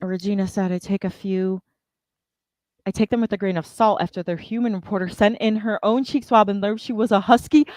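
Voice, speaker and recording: A woman's voice: mid-range voice, a little fast, no room sound. A woman hosting a writing livestream, chatting casually and laughing often. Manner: giggly, animated, laughs often. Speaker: livestream host.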